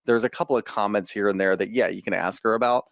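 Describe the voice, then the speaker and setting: A man's voice: fairly low pitch, steady tone, fast, creaky. A young man co-hosting a casual podcast about reality TV, blunt and opinionated as he rambles through his takes. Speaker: podcast co-host.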